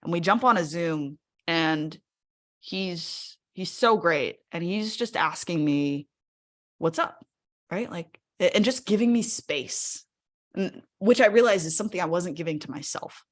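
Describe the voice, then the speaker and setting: A woman speaks candidly to a live webinar audience over a video call, and her voice sits a little low for a woman. She talks in a loose, conversational way and keeps checking in with listeners. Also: a little slow. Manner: candid, conversational, often asks the audience "right?". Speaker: speaker sharing a personal story. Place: her home workspace.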